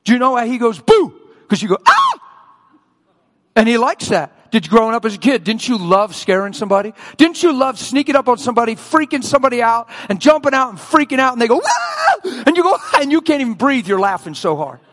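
A man preaching a sermon as a story, animated, acting out voices and screams and often laughing. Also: very high-pitched, quick pace, hardly any pauses.

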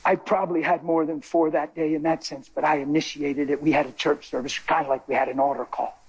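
A male preacher telling a story in a sermon, excitable, jumping between loud high bursts and low quiet asides. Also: fairly quick, slightly rough. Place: church.

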